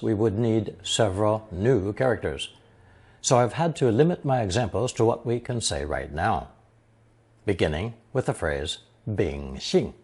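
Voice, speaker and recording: A male teacher with a husky voice and lively, swooping pitch narrates a recorded Chinese lesson. He reads example sentences slowly and then translates each into English.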